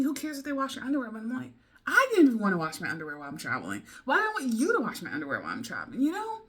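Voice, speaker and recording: A woman's voice: high voice, husky. A young American woman telling a rambling story in a casual vlog, full of fillers, restarts and laughter. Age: young adult. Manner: rambling, laughing, with many fillers and self-interruptions. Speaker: vlogger.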